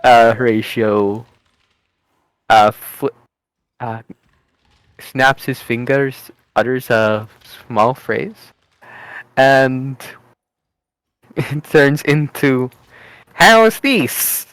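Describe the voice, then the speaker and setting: A man's voice: medium pitch, fairly even intonation, drawn-out words, long pauses, smooth, no room sound, poor audio. A man playing a tabletop role-playing game, switching between his own voice and his character in a playful, laughing, theatrical way. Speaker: tabletop player. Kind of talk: casual in-character tabletop play.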